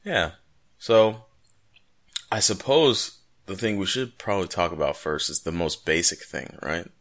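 A man's voice: low voice, a little slow, a bit bright. A man co-hosting a casual podcast, joking and rambling through his explanations. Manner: jokey, rambling, playful asides. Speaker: podcast co-host.

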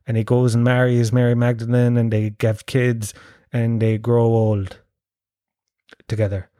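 A man's voice: mid-range voice, level tone, a little slow, mellow, no room sound, studio quality. A man chatting casually as a podcast host, rambling, swearing and poking fun at himself. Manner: sweary, rambling, self-mocking. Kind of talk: casual chat.

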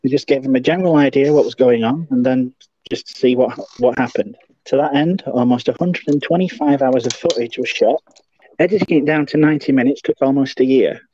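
A male podcast co-host reading film trivia in a flat, matter-of-fact way. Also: mid-range voice, brisk, breathy edge, no room sound. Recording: dull lo-fi.

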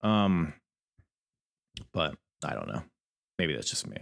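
A man's voice: rumbling low, very animated, takes it slowly, creaky. A man hosting a podcast, rambling candidly through a casual review and swearing freely. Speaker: podcast host.

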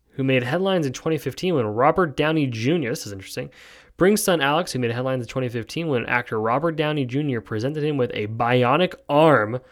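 A young man hosting a solo podcast, talking casually and sarcastically, rambling with frequent ums. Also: medium pitch. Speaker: podcast host.

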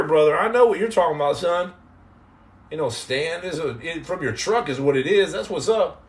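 A man hosting a casual live podcast, joking and teasing viewers in slangy talk that drops into low mutters. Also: fairly bright tone. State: on house arrest. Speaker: podcast host reading live chat. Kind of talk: casual live-stream chat.

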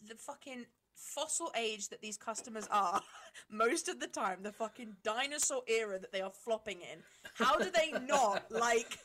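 A woman co-hosting a podcast, telling a story in a casual, animated, sweary way with lots of laughter. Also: fairly high pitch, moderate pace. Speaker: podcast co-host.

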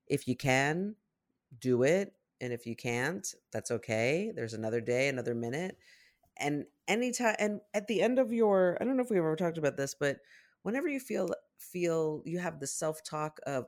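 Gentle encouraging woman giving advice. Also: rumbling low, animated, normal speed. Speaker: podcast co-host. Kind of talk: casual advice chat.

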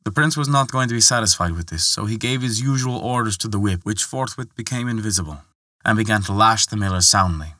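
A man narrating a folktale, reading in an expressive way and lifting his voice for the characters' lines. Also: a little fast, no echo, clean studio sound. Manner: expressive, lifts pitch for quoted characters. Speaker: storyteller.

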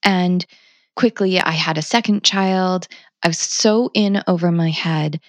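A woman's voice: fairly low pitch, measured pace, no room sound. A woman talking as a parenting educator in a candid interview, blunt and emphatic, swearing freely. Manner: animated and passionate. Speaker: parenting educator, podcast guest.

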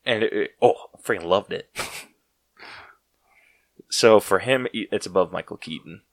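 Excitable man with a lowish voice. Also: normal speed, vocal fry, no room sound. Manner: excitable, heavy use of "like" fillers. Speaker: podcast host. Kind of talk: casual podcast chat.

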